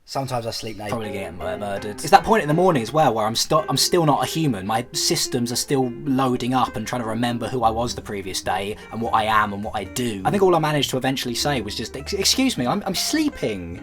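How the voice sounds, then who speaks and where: A man's voice: medium pitch, lively intonation, quick pace, hardly any pauses, over music. A young British man telling a comic travel story as a vlogger, rambling and self-deprecating, with many false starts.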